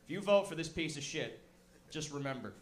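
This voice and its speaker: A man doing an impression of a head of state, speaking low and threatening in a crude, menacing way. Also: animated, brisk, natural voice. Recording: echoey live room.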